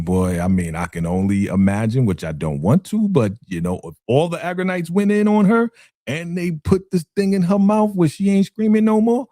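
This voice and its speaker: A man hosting a casual TV recap chat, animated and laughing often, acting out the characters' dialogue. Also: medium pitch, no room sound, studio quality. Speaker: podcast host.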